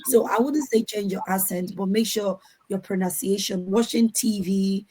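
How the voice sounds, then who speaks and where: A woman answering audience questions on a video call panel, lively and acting out the voices she quotes. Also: medium pitch, normal speed, breathy edge, poor audio. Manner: animated, acts out quoted voices.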